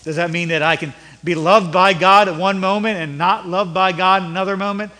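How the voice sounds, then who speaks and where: A middle-aged male pastor preaching a sermon, rising to emphatic peaks and then dropping low and conversational. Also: steady tone, normal speed, bright, forceful tone. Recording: long reverb of a church hall.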